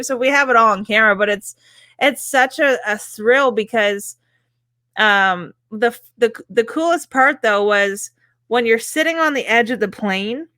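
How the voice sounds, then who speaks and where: A woman co-hosting a podcast, telling animated stories in casual chat and laughing often. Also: a little high, no echo. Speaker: podcast co-host.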